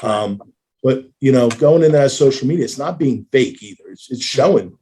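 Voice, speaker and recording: A man hosting a casual live-stream conversation, earnest and halting with many restarts. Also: medium pitch, expressive, mellow, slight background noise. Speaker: host.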